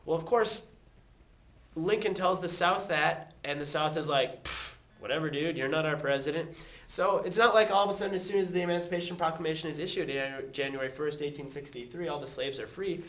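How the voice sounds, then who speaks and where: Lively jokey male teacher. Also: fairly high pitch, faint music behind. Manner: lively, jokey, acts out quick voices. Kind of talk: casual test review lesson.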